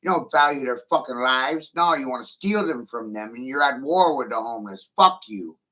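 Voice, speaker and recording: Bright-voiced man ranting angrily. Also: medium pitch, a little fast, low-quality recording. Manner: aggressive, taunting, heavy swearing. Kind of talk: profane angry rant.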